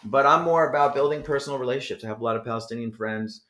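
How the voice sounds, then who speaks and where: A man's voice: medium pitch, very fast, fairly bright tone, a little hiss or hum. A man from New Jersey talking as a podcast guest, rambling and profane, packing his talk with "you know". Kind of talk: casual interview chat. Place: podcast studio. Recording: roomy echo.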